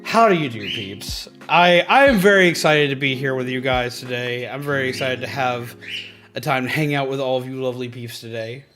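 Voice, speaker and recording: A man hosting a casual livestream, chatty and excitable, greeting viewers and repeating himself. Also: medium pitch, fairly quick. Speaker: livestream host. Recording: faint background music.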